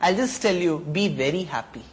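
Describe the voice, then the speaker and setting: A man's voice: on the high side, expressive, moderate pace, lightly acted, low-quality recording. A man doing a furious old sage. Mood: indignant. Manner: loud, indignant, chanting Sanskrit. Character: angry proud old male sage.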